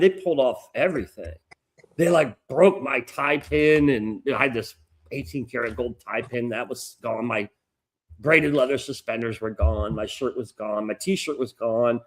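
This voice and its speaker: A middle-aged American man, a podcast co-host, telling a long story in a rambling, profane, animated way. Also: medium pitch. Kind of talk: casual storytelling chat.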